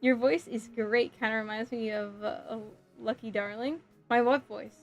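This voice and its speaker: A woman with a slightly high voice chats on a casual live stream as she builds a model kit. She is sassy and playful and giggles easily as she answers her chat. Soft music plays faintly underneath. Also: steady tone, normal speed, lo-fi sound.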